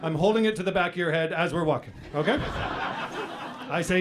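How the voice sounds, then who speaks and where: A man's voice: fairly high pitch, brisk, background noise. A man from Canada doing a loose stand-up comedy set on a club stage, tossing in constant "right?" and "okay?" asides. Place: comedy club stage before a live audience.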